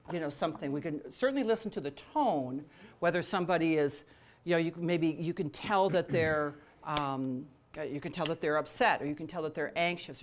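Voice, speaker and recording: Woman, workshop trainer, conversational, lots of fillers, low voice. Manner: conversational, frequent fillers and restarts; laughs and jokes with attendees. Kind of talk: interactive training session.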